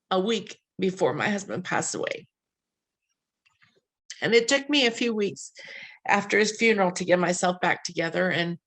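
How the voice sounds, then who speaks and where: A woman's voice: lowish voice, a bit bright. A middle-aged woman from the western United States hosting a webinar, telling a personal story in an earnest, heartfelt way with many restarts. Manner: earnest, heartfelt, with frequent restarts and quoted dialogue. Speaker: webinar host.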